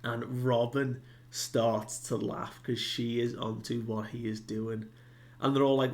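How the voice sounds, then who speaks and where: A man's voice: mid-range voice, flat delivery, a little slow. A man giving a casual recap of a comic chapter, retelling it loosely with many fillers and asides. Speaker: manga reviewer.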